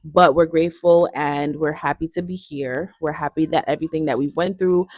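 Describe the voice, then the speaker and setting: A woman's voice: low-pitched, steady tone, a little fast, darkish tone, no room sound, studio quality. A woman in her twenties with a Jamaican accent, chatting playfully to her viewers and switching between languages. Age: 20s. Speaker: vlogger. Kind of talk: casual chat.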